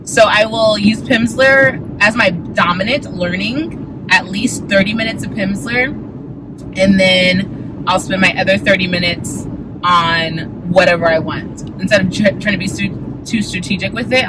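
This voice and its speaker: A young adult woman in casual, upbeat vlog chat, talking while she drives and sometimes trailing off into mutters. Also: medium pitch. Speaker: vlogger. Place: in a car while driving. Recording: car noise in the background.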